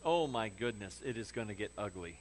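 A man's voice: on the low side, lively intonation, a little fast, slight background noise. A man preaching a sermon in a conversational way, with humorous asides. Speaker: pastor.

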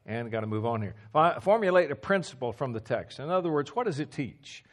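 A man preaching a teaching sermon, emphatic, repeating key phrases and dropping to a low hush for stress, with a few stammers. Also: expressive, fairly quick.

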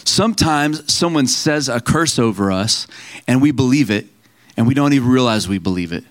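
A man's voice: mid-range voice, lively intonation, normal speed. A man preaching a sermon in a conversational, storytelling way, quoting scripture and family members and laughing at himself now and then.

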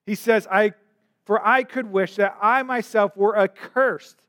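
A man's voice: sits high, fairly bright tone. A male pastor preaching an earnest sermon in a church, rising to impassioned questions. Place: church sanctuary.

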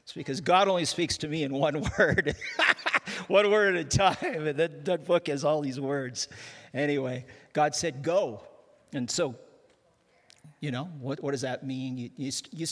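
A man's voice: on the high side, a little slow. An older man from Canada, a guest pastor giving a humorous sermon, joking at his own expense and often restarting his sentences. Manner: self-deprecating, joking, with frequent restarts. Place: large church hall. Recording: long hall reverb.

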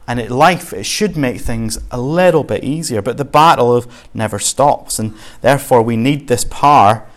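A Scottish man preaching in a relaxed, chatty manner. His voice sits at a middling pitch, and he leans earnestly into his points with everyday examples. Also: normal speed, hardly any pauses. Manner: conversational and earnest, with homely examples. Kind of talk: sermon.

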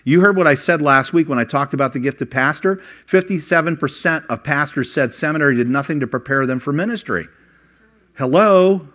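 An older man preaching a sermon, voice rising for emphasis and dropping low while he tells personal stories. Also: brisk, fairly bright tone. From Ohio. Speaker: pastor.

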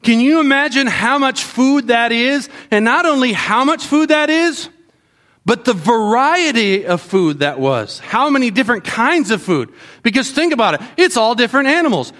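A man preaching to children in an animated way, often asking them questions. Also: very high-pitched, normal speed. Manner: animated, asks the kids questions. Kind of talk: sermon to children.

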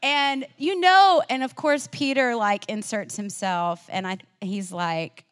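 A woman preaching a sermon in a casual, chatty storytelling way. She shifts between loud, emphatic declarations and quiet, offhand asides. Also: a little high, slow. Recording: long reverb, as in a large hall.

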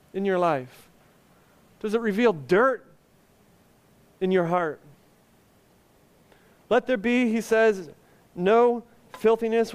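Male pastor, high voice, slow deliberate delivery, earnest sermon, joking asides. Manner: earnest, conversational preaching with humor.

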